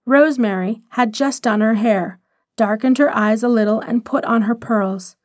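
Woman with a high voice reading a story. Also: normal speed, a little mellow, dry recording, clean studio sound. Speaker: narrator. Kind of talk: storybook narration.

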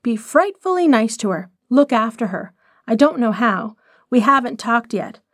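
A woman's voice: on the high side, expressive, normal speed, dry recording, studio quality. A woman voicing an impulsive wealthy young wife who talks in an eager, breathless way.

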